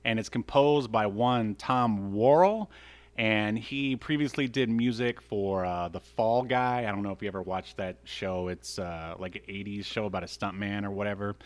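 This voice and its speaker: A man's voice: fairly low pitch, normal speed. A man co-hosting a podcast, chatting casually about an old cartoon with plenty of fillers and asides. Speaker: podcast co-host.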